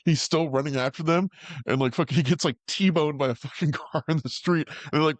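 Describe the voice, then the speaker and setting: A man's voice: on the high side, brisk, no room sound. A man co-hosting a casual movie podcast, retelling scenes with heavy swearing, many "like" fillers and laughter. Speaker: podcast co-host. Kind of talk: casual movie recap chat.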